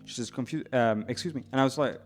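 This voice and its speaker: Non-native English-speaking male streamer, slightly tipsy, rambling and animated, stumbling over his words, faint music behind him. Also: mid-range voice, fast. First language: not English. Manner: rambling, animated, frequent restarts and stammers. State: slightly drunk. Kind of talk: casual storytelling to stream chat.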